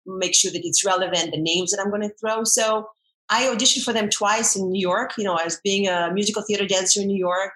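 A middle-aged woman talking as an interview guest at an ordinary pitch, rambling through memories with frequent restarts. Her voice rings out with a roomy echo around it. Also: brisk. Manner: rambling, restarts often, animated storytelling. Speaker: guest, former dancer and army veteran. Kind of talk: casual interview chat.

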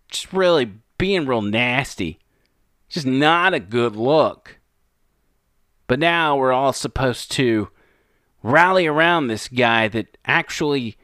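Sarcastic man with a crisp voice. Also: mid-range voice, bright, forceful tone, dry recording, studio quality. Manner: sarcastic, mocking. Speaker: commentator. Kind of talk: opinion commentary over clips.

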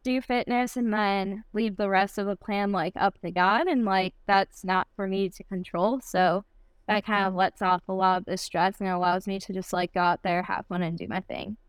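A woman's voice: mid-range voice, fairly even intonation, moderate pace, smooth, dry recording. Giggly young woman with a Michigan accent. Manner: upbeat, giggly, many likes. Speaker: guest athlete. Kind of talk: casual podcast chat.

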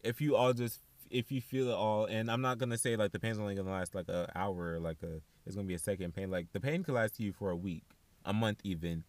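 A young man, hosting a casual solo podcast in a chatty, animated way with sassy asides. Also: fairly low pitch, a little fast, dry recording. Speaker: podcast host.

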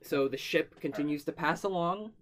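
A man narrating a tabletop game as game master, describing scenes at length and often pausing on fillers. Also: a little high, fairly bright tone, slight background noise.

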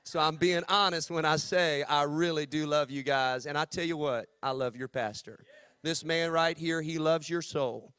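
A man's voice: a little high, steady tone, moderate pace, fairly bright tone, clean tone, no echo. A man from Texas with a Southern accent, preaching as a guest with a playful, joking manner. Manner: playful, joking, drawls "y'all". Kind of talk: sermon.

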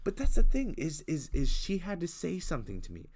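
A man's voice: a little high, huge pitch swings, brisk, darkish tone, husky. A young man in casual conversation, ranting indignantly with lots of restarts and repetition. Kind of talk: casual chat.

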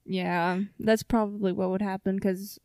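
A woman's voice: mid-range voice, little pitch movement, a little slow, a little mellow, smooth, no echo, studio quality. Blunt, laid-back woman chatting. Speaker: podcast co-host. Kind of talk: casual chat.

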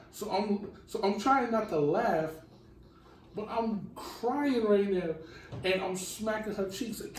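A man telling a crude story on a casual podcast, animated and laughing, with apologetic asides. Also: high voice, slow pace, far from the mic. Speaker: podcast co-host. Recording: roomy, off-mic with faint background noise.

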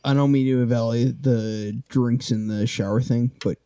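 A man's voice: medium pitch, fairly even intonation, moderate pace, warm tone. A man chatting casually on a podcast, laid-back and laughing as he tells a story. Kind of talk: casual banter.

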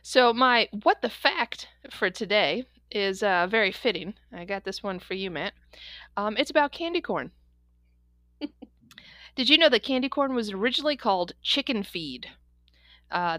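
A young adult woman co-hosting a podcast, telling stories in a quick, animated way and laughing often. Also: mid-range voice, dry recording, clean studio sound. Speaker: podcast co-host. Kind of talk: casual chat.

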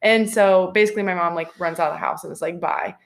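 A woman's voice: lowish voice, fast talker. A young woman co-hosting a podcast, chatting casually and telling scary stories, with lots of fillers. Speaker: podcast co-host.

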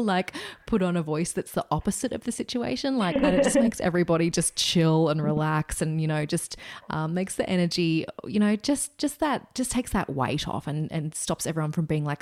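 A woman hosting a casual interview, relaxed and murmuring agreement often. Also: low voice, no echo, studio quality. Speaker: podcast host.

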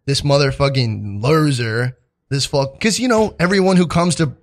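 A young male comedian in casual podcast chat. His voice sits in an ordinary middle pitch, and he tells stories in loose, rambling runs, packed with swearing, filler words and restarts. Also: moderate pace. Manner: rambling, profane storytelling with many fillers. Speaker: stand-up comedian and podcast host.

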